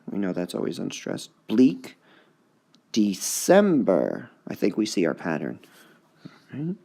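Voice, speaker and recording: A male high school English teacher giving a recorded lesson on poetic meter, repeating words to sound out their stresses. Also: huge pitch swings, measured pace, vocal fry, pauses often, warm tone. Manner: sounds out syllables to mark the stresses.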